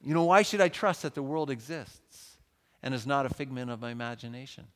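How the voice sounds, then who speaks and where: A man giving a humorous, conversational talk on faith at a church event, animated and joking with the audience. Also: medium pitch, fairly quick. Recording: reverberant hall.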